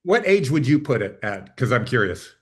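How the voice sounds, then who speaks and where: This middle-aged man has a mid-range voice and answers as a podcast guest over a video call. He speaks modestly and pokes fun at himself in a relaxed, conversational way. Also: medium pitch, normal speed, husky. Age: middle-aged or older. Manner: modest, self-deprecating. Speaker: film producer, interview guest. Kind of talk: casual interview chat.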